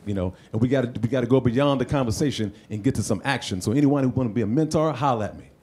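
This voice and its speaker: A man who is a veteran, speaking slowly and earnestly to a panel. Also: mid-range voice, background noise. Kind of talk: earnest community appeal.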